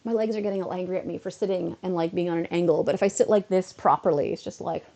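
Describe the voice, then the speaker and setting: A woman streams from home, chatting casually as she games, ranting with exasperated asides and sounding slightly unwell. Her voice is fairly low and steady, fast, gravelly, and mellow.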